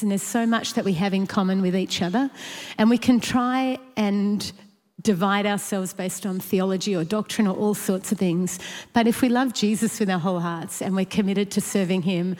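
Animated woman telling a church story. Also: mid-range voice, fairly quick, long reverb tail. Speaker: church speaker sharing a story. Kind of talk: storytelling talk.

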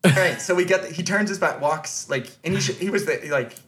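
A man's voice: high voice, a little fast, a bit bright. A man telling a long, rambling story on a podcast, full of restarts and fillers. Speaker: podcast host. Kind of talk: casual storytelling chat.

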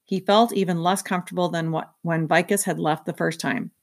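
A woman reading a children's novel aloud, in a steady storytelling manner. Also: lowish voice, a little fast, gravelly. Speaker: reader. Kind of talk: children's book read-aloud.

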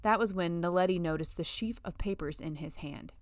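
A woman reading a novel as an audiobook narrator, in a measured storytelling manner. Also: fairly low pitch, dry recording, clean studio sound. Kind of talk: scripted narration.

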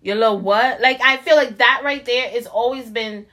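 A woman's voice: a little high, moderate pace, sharp tone. A young adult woman co-hosting a casual podcast chat, outspoken and preachy, with a joking streak. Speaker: podcast co-host.

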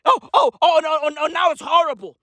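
A comedian delivering a manic, profane rant that swings between shouting and muttering. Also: sits high, fairly quick, dry recording.

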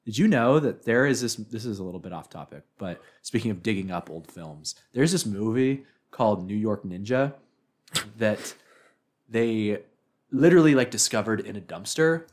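A man's voice: on the low side, expressive, moderate pace. A man co-hosting a podcast, talking casually and rambling with lots of filler words. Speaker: podcast co-host. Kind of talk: casual chat.

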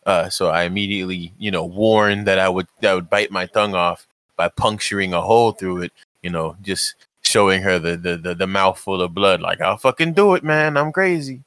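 A man speaking in character in a tabletop role-play game, stammering and repeating words, with lively jumps in pitch. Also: a little fast, clean tone, no echo. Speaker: player.

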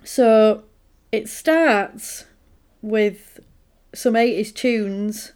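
A woman's voice: mid-range voice, drawn-out words, a little mellow, clear, resonant tone. A woman co-hosting a podcast, retelling a film in a chatty, amused way. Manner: chatty, amused storytelling with quoted asides. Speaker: podcast co-host. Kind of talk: casual chat.

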